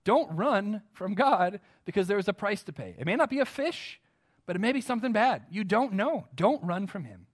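A man's voice: high voice, expressive, normal speed. An American man preaching a sermon, earnest and emphatic, often putting direct questions to his listeners. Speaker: pastor.

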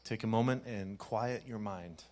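A man, a pastor, leading a congregation through a gentle guided meditation with easy fillers. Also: on the low side, measured pace. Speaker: youth pastor.

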